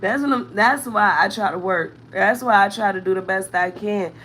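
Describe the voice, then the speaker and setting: Woman, 30s, bright forceful voice; candid live-stream venting to viewers. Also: medium pitch, normal speed, slight background noise. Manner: candid, venting, thanks commenters, near tears at times. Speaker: vlogger, mother of four.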